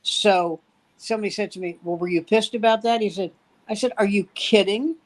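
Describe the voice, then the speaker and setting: A man's voice: high-pitched, a little fast, low-quality recording. Older man telling comedy stories. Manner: animated anecdotes with punchy joke delivery. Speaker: veteran comedian guest. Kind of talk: casual storytelling chat.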